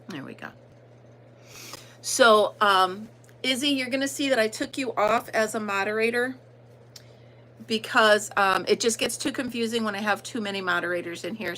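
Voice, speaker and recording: A woman's voice: medium pitch, pushed and bright, a little hiss or hum, poor audio. A woman with an American country accent hosting a casual livestream, chatting and greeting viewers by name with plenty of ums. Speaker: livestream host.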